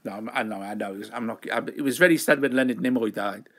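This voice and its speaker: A man's voice: medium pitch, fast, a bit bright. A man hosting a live show, chatting in a rambling, self-mocking way. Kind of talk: casual live-stream chat.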